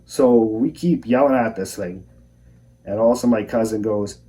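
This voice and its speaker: A young man calmly telling his own outdoor encounter story in a measured, plain-spoken way. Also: lowish voice. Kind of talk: first-person encounter storytelling. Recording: voice a bit far from the mic.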